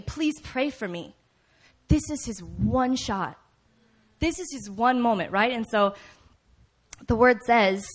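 A woman preaching a sermon, telling the story in a lively, conversational way, often asking "right?" and acting out shouts. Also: on the high side. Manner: animated storytelling, acts out voices and shouts; conversational, frequent "right?" asides.

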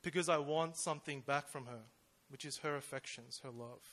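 This young man's voice is a little high and fairly bright, and he talks a bit fast. He gives an informal church sermon full of fillers and questions thrown out to his listeners.

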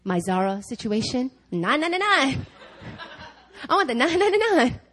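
A woman preaching a conversational sermon, telling a personal story with laughs and lively asides. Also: high-pitched, moderate pace, rough recording. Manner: animated, laughing, chatty with fillers. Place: church service.

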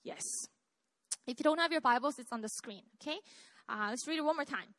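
A woman's voice: high voice, quick pace, a bit bright, dry recording. A woman pastor with a Korean accent, preaching a live sermon to a congregation in a chatty, self-deprecating way and often asking them questions.

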